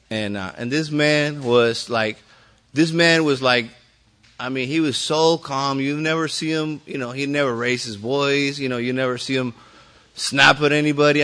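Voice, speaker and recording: A man's voice: mid-range voice, fairly bright tone. Man telling his recovery story casually. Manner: casual, rambling, many fillers and restarts, light swearing, laughs often. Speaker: speaker at a recovery meeting. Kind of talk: personal recovery story told to a group.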